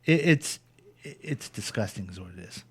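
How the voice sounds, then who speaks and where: A man's voice: lowish voice, expressive, moderate pace, slightly rough. A man co-hosting a talk radio show, chatting casually and bluntly, often indignant and laughing. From Missouri, US. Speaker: radio co-host. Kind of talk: casual political chat.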